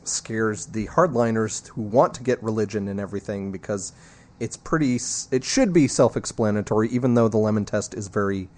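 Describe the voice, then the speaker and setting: A man's voice: fairly low pitch, fairly quick, a little mellow. A man co-hosting a podcast, talking in a loose, joking way. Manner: joking, goofy asides. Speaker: podcast co-host. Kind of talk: casual chat.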